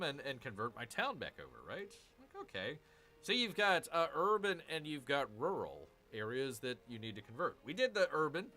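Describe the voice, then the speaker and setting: A man gives lively, swooping gameplay commentary, his pitch climbing and dropping all the time. His tone is bright and forceful as he grumbles at the game and answers his chat. It sounds like a streamer talking into a desk microphone. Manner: exasperated, grumbling asides. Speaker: streamer playing a strategy game.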